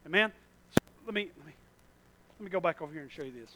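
A man preaching a sermon, emphatic and full of repeated phrases, moving from loud bursts to hushed asides. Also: a little high, expressive, fast, slight background noise.

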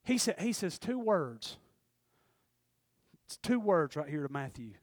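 A man's voice: fairly high pitch, big pitch swings, measured pace, a little mellow, dry recording, studio quality. A man preaching a folksy, conversational sermon, often checking in with the congregation.

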